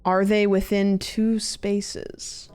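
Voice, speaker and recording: A woman streamer giving live gameplay commentary, chatty and thinking aloud with quick reactions. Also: mid-range voice, flat delivery, darkish tone, smooth. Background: game music.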